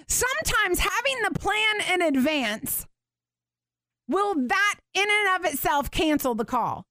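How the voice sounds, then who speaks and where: A woman hosting a faith show, teaching from the Bible in an animated, expressive way and acting out what people in the story say. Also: very high-pitched, a little slow, no room sound, clean studio sound. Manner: animated, expressive, laughs and acts out voices.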